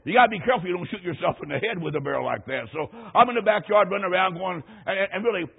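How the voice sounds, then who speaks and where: A middle-aged man preaching in a folksy storytelling way, his voice pitched high and husky. He hammers key phrases by repeating them. The sound is thin and tinny, like an old radio broadcast. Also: rapid-fire, hardly any pauses. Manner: folksy storytelling with emphatic repetition. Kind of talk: sermon.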